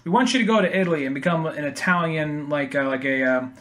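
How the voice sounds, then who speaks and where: A man's voice: fairly high pitch, quick pace, a bit bright. A man co-hosting a casual movie talk, rambling and acting out quotes with casual swearing.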